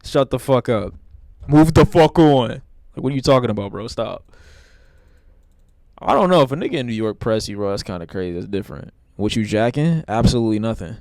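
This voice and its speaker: A man's voice: on the low side, lively intonation, a little fast, vocal fry, darkish tone, no room sound, clean studio sound. A man streaming live, reacting to videos with blunt, profane, rambling commentary in a casual way.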